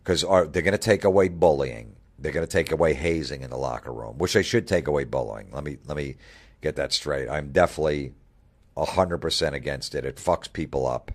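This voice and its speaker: A man's voice: very deep voice, fairly quick. A middle-aged man hosting a comedy podcast, ranting bluntly and swearing constantly. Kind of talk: profane comedic rant.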